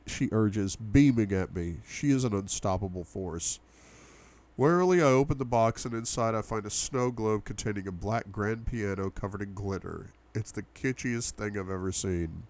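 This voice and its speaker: A man's voice: on the low side, normal speed, a little mellow. A young man reading a novel aloud for a book club, with asides to his viewers. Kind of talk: audiobook-style reading.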